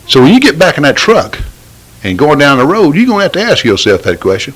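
A middle-aged man preaching an informal sermon. His delivery is folksy and pleading, and it breaks into fervent bursts. His pitch swings widely from low murmurs to high exclamations. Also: very animated, fairly quick, a bit bright, low-quality recording. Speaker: lay preacher.

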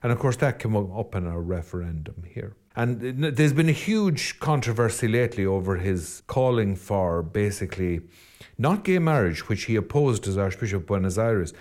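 Earnest lower-voiced Irish priest. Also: male voice, lively intonation, normal speed, darkish tone. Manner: earnest, rambling, with self-deprecating asides. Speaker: Catholic priest. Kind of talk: podcast reflection.

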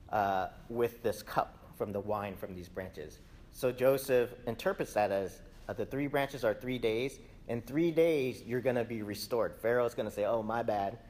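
Animated man preaching a casual sermon. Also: mid-range voice. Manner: animated storytelling, acts out quoted characters.

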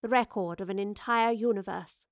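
A woman voicing a grave, resigned female professor in a storybook, speaking slowly and solemnly. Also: medium pitch, no room sound, clean studio sound, lightly acted. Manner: slow, solemn, measured.

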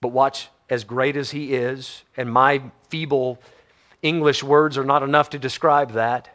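A man preaching a sermon, shifting between emphatic stresses and hushed low phrases, reading scripture aloud. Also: little pitch movement, a little slow. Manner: reads scripture in old-fashioned wording. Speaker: pastor.

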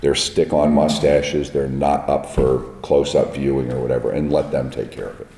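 A film makeup artist appearing as a guest speaks in a raspy, deep voice, roughened by smoke on set, during a casual interview in a large, echoey room at a trade event. His tone is level and mellow at normal speed, and he's plain-spoken and blunt, telling stories from the set, with a little hiss or hum in the recording.

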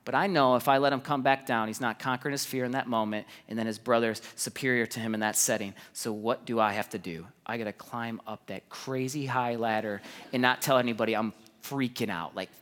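Animated pastor, bright forceful voice. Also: male voice, medium pitch, brisk, few pauses, long reverb tail. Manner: energetic and animated, storytelling with repeated words and laughs. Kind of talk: sermon.

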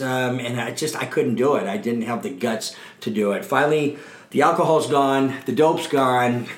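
A middle-aged man giving a candid, earnest account of his own past in an interview. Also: medium pitch. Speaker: guest. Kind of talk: personal recovery testimony. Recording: roomy echo.

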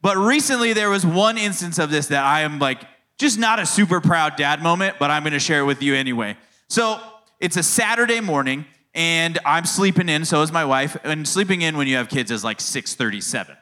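Male pastor, 30s, casual storytelling sermon, slightly high, bright voice. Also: expressive, brisk. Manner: storytelling, conversational, playful asides. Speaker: youth pastor.

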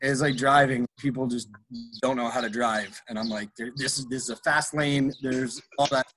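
A man's voice: mid-range voice, fairly even intonation, normal speed, a bit bright, slight background noise. A man in casual chat, blunt and emphatic.

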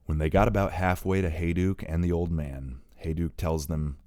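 A man narrating an audiobook in a steady reading voice, now and then correcting small slips. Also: low-pitched, normal speed, no echo, studio quality.

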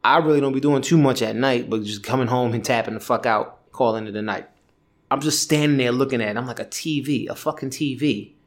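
A man's voice: mid-range voice, fast. A man in his thirties hosting a podcast alone, telling a rambling, profane story in casual chat. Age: 30s. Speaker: podcast host. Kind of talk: casual solo rant.

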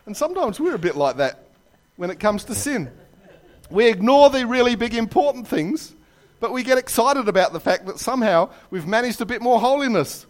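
Guy preaching in church, lively up and down voice, jokey storytelling asides. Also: sits high, fairly quick. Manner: animated storytelling with jokes and asides. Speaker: pastor. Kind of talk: sermon.

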